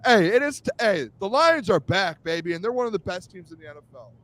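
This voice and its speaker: A young man co-hosting a sports talk show, excitable and teasing, often shouting. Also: high voice, fast talker, dry recording. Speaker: co-host.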